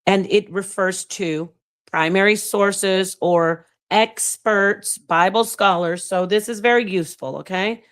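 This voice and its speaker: A woman's voice: mid-range voice, a little slow, smooth. A woman hosting her own channel, teaching on scripture in a casual, emphatic way, reading passages aloud and talking straight to her viewers. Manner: animated, emphatic, reads excerpts aloud and thanks viewers. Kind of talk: casual livestream-style teaching and commentary.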